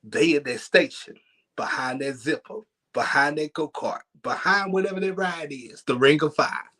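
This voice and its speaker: Animated man telling a church comedy story. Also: a little high, normal speed. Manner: animated, laughs while telling. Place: church sanctuary.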